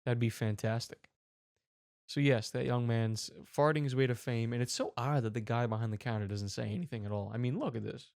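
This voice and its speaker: A man hosting a comedy commentary show, telling a rambling, animated story. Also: mid-range voice, fairly quick, vocal fry, slight background noise. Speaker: show host.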